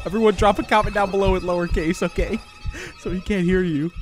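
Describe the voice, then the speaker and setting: Young male gaming host, high voice that swings all over, jumpy and excitable, faint game music behind. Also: a little fast. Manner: jumpy and excitable, switching between hushed whispers and panicked yelps. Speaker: gaming YouTuber. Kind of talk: horror game commentary.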